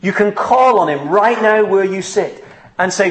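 A man with a fairly high voice preaches an earnest, pleading sermon. He presses his listeners with fervent questions. The sound rings in an echoey room. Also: a little slow, fairly bright tone.

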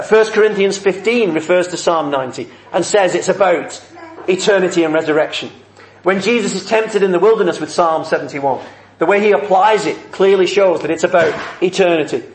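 A man's voice: high voice, echoey room, a little hiss or hum. A man preaching a heartfelt, earnest sermon.

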